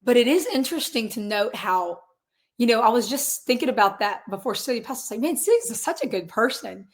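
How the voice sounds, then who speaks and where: A woman's voice: on the high side, animated, brisk. Earnest young woman telling a long story. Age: 20s. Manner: earnest, rambling, many restarts and quoted asides. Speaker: guest, singer and real estate agent. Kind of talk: casual conversational interview.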